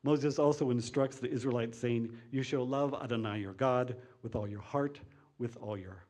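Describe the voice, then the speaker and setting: A man's voice: medium pitch, moderate pace. Man leading a synagogue service. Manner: reads a joke with lively put-on voices, then teaches plainly. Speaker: service leader. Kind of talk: sermon with a told joke.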